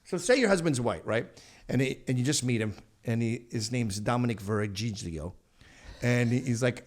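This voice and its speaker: This podcast guest, a man in his fifties, keeps the chat casual while spinning foul-mouthed tales and briefly impersonating characters. His voice sits in the middle range.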